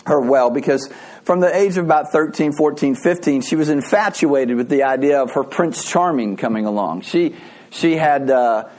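A man's voice: on the high side, moderate pace, darkish tone. Conversational middle-aged male pastor. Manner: conversational storytelling with repeated restarts. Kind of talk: sermon.

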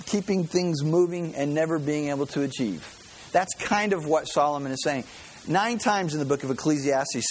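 A male pastor preaches in a relaxed, conversational way, often restarting phrases and speaking directly to people in the congregation. His voice sits a little high for a man. A faint hiss runs under the recording. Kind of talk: sermon.

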